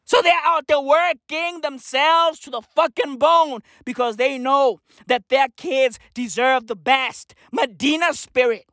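A comedian delivering a manic, profane rant that swings between shouting and muttering. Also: sits high, measured pace, hardly any pauses, dry recording, clean studio sound.

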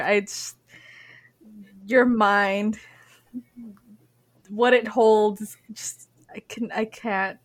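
A young woman co-hosting a casual joking chat, giggly and deadpan, often trailing off mid-sentence. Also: fairly high pitch, extremely slow, pauses often. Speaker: co-host answering questions.

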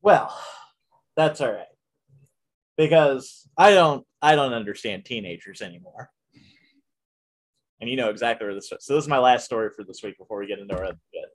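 A man hosting a podcast, casually telling stories about his work at a movie theater in an animated way, often laughing as he goes. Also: mid-range voice, a little fast, long pauses. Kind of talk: casual storytelling chat.

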